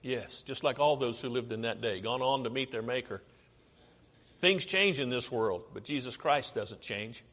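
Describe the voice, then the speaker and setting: An American preacher with a medium-pitched, slightly bright voice speaks at a moderate pace. His sermon is conversational as he goes through slides and questions the audience, with long hall reverb on the recording.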